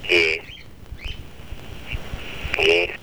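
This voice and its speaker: A man's voice: deep voice, monotone, extremely slow, sharp tone, slight background noise, low-quality recording. A man leaving aggrieved, self-pitying, rambling messages on an answering machine.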